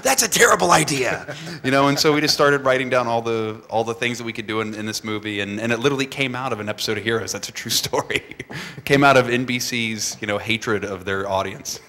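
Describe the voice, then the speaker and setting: Bright-voiced animated male storyteller. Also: mid-range voice, fast. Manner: animated storyteller, acts out voices, laughs often. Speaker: filmmaker guest. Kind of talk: live stage conversation. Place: stage before a live audience.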